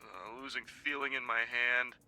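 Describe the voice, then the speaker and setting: An actor playing a goofy, awkward male hero in a video game, speaking in deadpan. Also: medium pitch, moderate pace.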